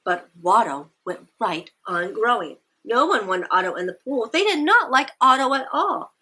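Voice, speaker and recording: Lively woman reading storybooks to kids. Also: a little high, normal speed, few pauses, breathy edge. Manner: animated and encouraging, asks the listeners questions. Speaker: children's storytime presenter. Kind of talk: reading picture books aloud to young children.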